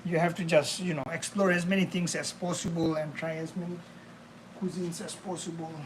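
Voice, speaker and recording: A man's voice: a little high, little pitch movement, fairly quick, slight background noise. A young man live streaming while he cooks, chatting to his viewers in a rambling way and calling them bro and man. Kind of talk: casual live-stream chat while cooking. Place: home kitchen.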